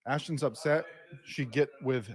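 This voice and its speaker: A man's voice: medium pitch, a little slow. A man reading out viewer comments on a livestream with dry, teasing delivery. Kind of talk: casual group chat on a livestream.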